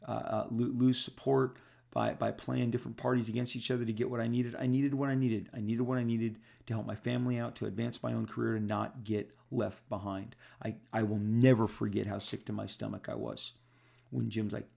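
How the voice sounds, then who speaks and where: Gravelly-voiced comic creator telling stories. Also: male voice, medium pitch, moderate pace. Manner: animated, repeats words for emphasis. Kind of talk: casual storytelling to fans.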